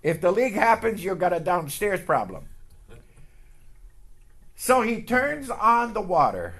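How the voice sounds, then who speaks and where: A man preaching a sermon and telling a personal story, emotional and building to loud outbursts. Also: sits high, big pitch swings, a little slow. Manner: emotional, building to shouts, leads call-and-response. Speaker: pastor. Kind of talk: sermon with testimony.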